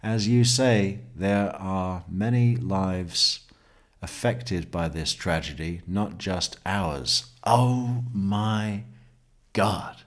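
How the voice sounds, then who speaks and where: A man with a lowish voice reads out testimony in a slow, deliberate way. He breaks in with sardonic asides and frequent laughs. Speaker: true crime commentator. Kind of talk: reading testimony aloud with commentary.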